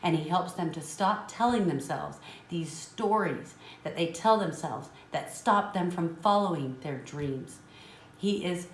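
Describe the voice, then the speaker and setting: A woman's voice: low-pitched, a little slow. A woman business trainer telling a motivational story in an earnest, emotional way. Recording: roomy with faint noise.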